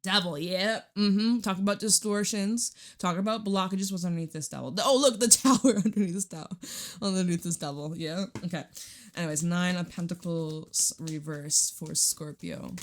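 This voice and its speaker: This tarot reader has a lowish voice and a moderate pace, speaking into a studio microphone from home. Her casual reading is blunt and chatty, sprinkled with frequent laughter and swearing.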